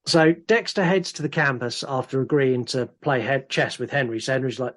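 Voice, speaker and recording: A man co-hosting a podcast, recapping a horror film in a casual, animated way with swearing and laughter. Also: mid-range voice, normal speed. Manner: animated, recounts the plot with sweary asides and laughs. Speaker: podcast co-host. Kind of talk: casual film review chat.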